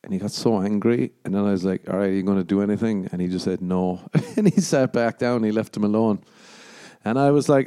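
Young Irish guy, podcast host, sweary sarcastic ramble, low mellow voice. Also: quick pace. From Ireland. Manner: crude, sarcastic, jumps into mock voices. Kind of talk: rambling solo podcast chat.

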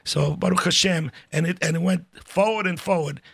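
An older man telling stories in a casual, animated way, acting out the voices of people in them. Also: on the high side, normal speed, gravelly, husky. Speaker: storyteller guest. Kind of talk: casual spoken storytelling.

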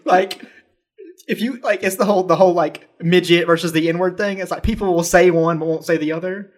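A young man from the South, chatting on a podcast in an animated, laughing, exasperated way. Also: high voice, brisk. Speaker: podcast co-host. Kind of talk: casual chat.

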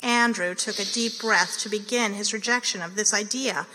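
A woman's voice: medium pitch, normal speed, pushed and bright. Woman narrating a staged reading. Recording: reverberant hall.

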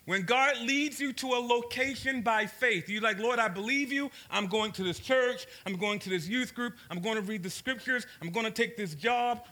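High, bright-voiced man preaching. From Baltimore, USA. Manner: engaging, asks the crowd questions; storytelling, shifts pace for emphasis. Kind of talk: sermon to a live audience.

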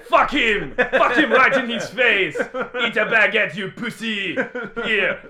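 A man voicing a spiteful male game show audience member with a put-on Russian accent, shouting and cursing. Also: high-pitched, animated, slow, pitched above the performer's own voice, full character voice.

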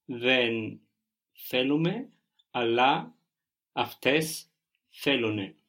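A man's voice: medium pitch, animated, very slow, fairly bright tone. A man in a language lesson, giving short, careful answers to his teacher. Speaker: language student.

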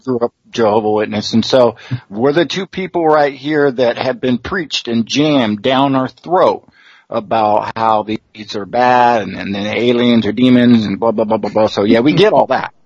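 Husky man making a blunt aside. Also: mid-range voice, normal speed, no echo. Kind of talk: casual podcast chat. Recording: dry, dull lo-fi sound.

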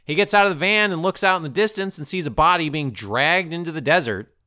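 A man co-hosting a comedy podcast, recapping a story with animated delivery and putting on voices for the characters. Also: a little high, fast talker. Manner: animated storytelling, acts out characters, swears freely. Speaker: podcast co-host. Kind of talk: casual comedic plot recap.

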